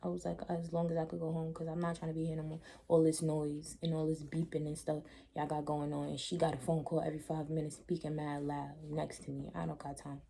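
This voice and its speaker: A young woman telling a casual storytime to her camera, blunt and animated, with slangy asides. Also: sits low, a little fast, gravelly, hardly any pauses, a little hiss or hum. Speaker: vlogger.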